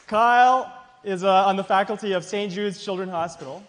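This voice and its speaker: A man's voice: sits high, little pitch movement, fairly quick. A man hosting a science contest, introducing judges with playful teasing jokes and frequent laughs. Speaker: event host. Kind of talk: joking emcee introductions. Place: large hall with audience. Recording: echoey hall with crowd and noise.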